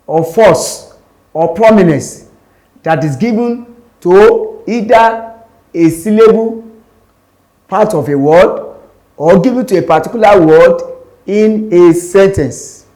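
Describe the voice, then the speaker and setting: A male tutor with a Nigerian English accent walks students through exam questions in a classroom. His voice sits a little high for a man, and he repeats each rule so it sticks. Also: darkish tone. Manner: explains step by step, repeats key points. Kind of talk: classroom lesson.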